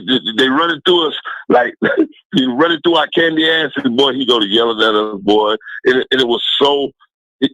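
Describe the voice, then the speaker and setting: Middle-aged man, lively swinging voice, dry sound, laughing storyteller, guest on a call. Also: medium pitch, no echo, rough recording. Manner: animated, laughing storyteller with colloquial speech. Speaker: guest, former football player. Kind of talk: casual storytelling.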